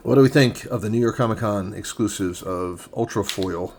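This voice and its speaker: Gravelly-voiced man in his forties unboxing. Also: fairly low pitch, moderate pace, darkish tone, a little hiss or hum. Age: 40s. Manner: enthusiastic, thinking aloud while handling items. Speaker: comic collector unboxing comics. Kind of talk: casual unboxing vlog. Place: home room with a tripod-mounted camera.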